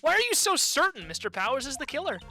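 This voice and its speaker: A man's voice: very high-pitched, big pitch swings, quick pace, bright, forceful tone, faint music behind, voice pushed up, full character voice. A man voicing a young male lawyer asking questions in a game. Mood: questioning. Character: young male defense lawyer, plain and dry.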